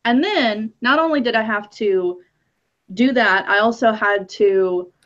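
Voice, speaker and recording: A woman guest who talks slowly in a fairly high voice, rambling and stopping to restart her thoughts. The audio sounds dull and lo-fi. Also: fairly bright tone. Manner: rambling, halting, many fillers. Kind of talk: casual chat.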